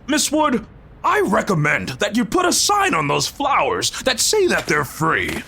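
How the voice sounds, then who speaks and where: A man plays a bumbling, sleepy police officer whose pitch leaps wildly from high to low. His gravelly voice sounds bright and forceful. It is an audio drama performance. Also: wildly swooping pitch, unhurried, slight background noise, full character voice. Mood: placating.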